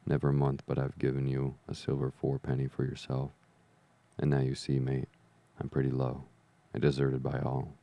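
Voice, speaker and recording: A man reading the part of a sick old pirate sea captain, feeble and weak, pleading and grumbling in rough sailor's slang. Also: a bass voice, completely flat delivery, moderate pace, muffled recording. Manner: rough sailor's slang, begging then blustering.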